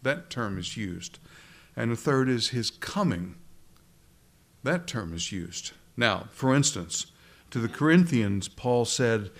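A pastor preaching a sermon in a conversational way, often restarting phrases and asking rhetorical questions. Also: male voice, mid-range voice, lively intonation, unhurried.

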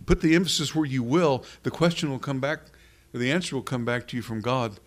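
A man's voice: mid-range voice, brisk. A man preaching a sermon in an earnest, rhetorical way, repeating questions for emphasis.

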